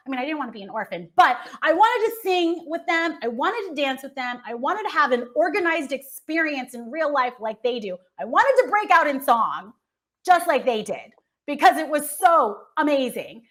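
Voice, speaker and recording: An American woman hosts a relaxed entertainment talk show and gushes about her favorites. Her voice sits high and swoops up and down with lots of life. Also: normal speed. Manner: enthusiastic, gushing. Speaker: host. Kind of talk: casual chat.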